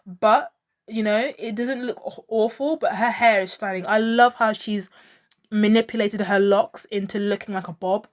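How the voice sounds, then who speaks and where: A woman's voice: medium pitch, steady tone, moderate pace. A woman talking casually to camera as a pop culture vlogger, chatty and opinionated, full of fillers and gushing exclamations. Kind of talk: casual fashion commentary.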